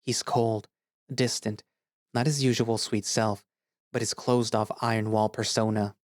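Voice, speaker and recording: A man's voice: on the low side, unhurried, no echo, clean studio sound. A man narrating a first-person dramatic audio story as an earnest, emotional young male anthro, speaking expressively. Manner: earnest and expressive, rising to anger. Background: background music.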